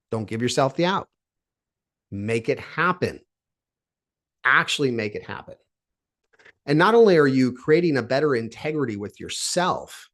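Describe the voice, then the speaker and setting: A man from Seattle giving an energetic, emphatic motivational talk at a virtual summit, asking the audience questions as he goes. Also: mid-range voice. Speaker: speaker.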